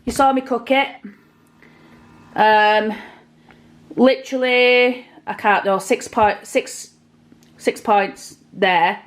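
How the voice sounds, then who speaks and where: A vlogger cooks in her home kitchen, chatting casually and talkatively straight to her viewers. Her voice sits on the high side with a steady tone, a slow pace and frequent pauses, and the recording quality is low.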